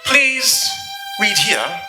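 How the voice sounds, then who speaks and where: A man's voice: sits high, big pitch swings, very slow, over loud music, full character voice, rough recording. An actor with a put-on French accent playing a vain, flirtatious eighteenth-century French nobleman, fencer and composer, in a comedic stage skit. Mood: boastful. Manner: pompous, boastful, theatrical.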